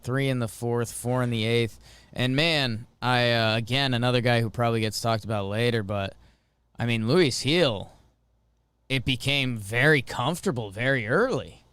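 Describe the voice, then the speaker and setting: A man's voice: medium pitch, clean tone, no room sound. A man co-hosting a sports podcast, casually chatting about a baseball game in a laid-back way. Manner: laid-back, shifts to excited broadcaster voice for game recaps. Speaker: podcast co-host. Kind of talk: casual sports chat and mock play-by-play.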